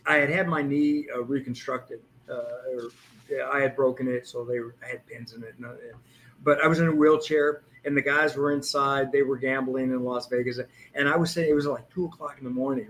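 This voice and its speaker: A man's voice: mid-range voice, steady tone, normal speed, fairly bright tone, rough recording. A man in his sixties, a police hostage negotiator, telling anecdotes in a casual interview and acting out the lines he quotes. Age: 60s.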